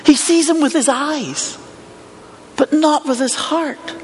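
A man's voice: extremely high pitch, slow pace, slight background noise. A man preaching a sermon, telling a Bible story with rhetorical questions. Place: church hall with congregation and online viewers. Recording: long hall reverb.

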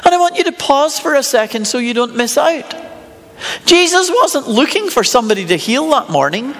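A man's voice: extremely high pitch, big pitch swings, normal speed, a bit bright. A middle-aged man, preaching a sermon in a conversational, storytelling way and asking rhetorical questions with a touch of humour. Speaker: pastor. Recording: long hall reverb.

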